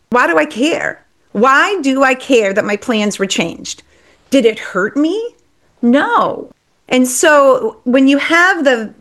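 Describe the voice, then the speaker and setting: Earnest higher-pitched woman, reflective. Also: fairly bright tone. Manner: earnest, reflective, emphatic repetition. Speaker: podcast guest. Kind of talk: candid interview conversation.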